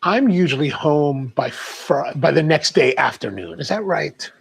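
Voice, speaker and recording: Middle-aged male livestream host, slightly high, rough-edged voice; loose, rambling chat. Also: animated, unhurried. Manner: chatty, rambling storyteller.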